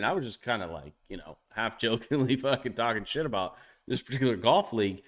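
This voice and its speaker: A man in casual podcast chat, swearing freely as he tells stories. His pitch rides up and down with lively animation, at a middle register for a man. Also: a little fast. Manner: profane, animated storytelling, jumps high when quoting others. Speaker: podcast co-host.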